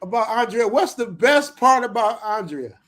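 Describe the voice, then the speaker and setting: Man, very high voice, playful teaser, lively intonation. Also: moderate pace. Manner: playful, teasing, laughs often. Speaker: guest on a live stream. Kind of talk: casual chat.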